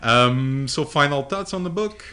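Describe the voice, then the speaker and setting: A man co-hosting a podcast in casual chat, halting, with many fillers and restarts. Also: fairly high pitch, lively intonation, bright, forceful tone. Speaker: podcast co-host.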